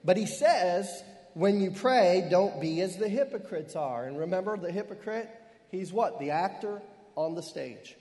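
Brief: middle-aged male pastor, high-pitched, fervent and emphatic, in a church with long reverb. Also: lively intonation, a little mellow. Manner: fervent preaching with frequent amens and hallelujahs; slows down hard on key phrases. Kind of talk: sermon.

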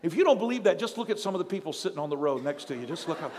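A middle-aged man pastor preaching a sermon in a church, telling stories with animated energy and building to shouts. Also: on the high side, racing, in a large hall, background noise. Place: church sanctuary.

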